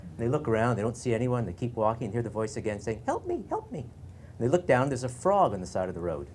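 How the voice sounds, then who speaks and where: A man, a science journalist, giving a relaxed, conversational talk at a conference centre with an anecdote. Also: medium pitch, fast talker, a little hiss or hum. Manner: relaxed, conversational, with fillers and light laughter.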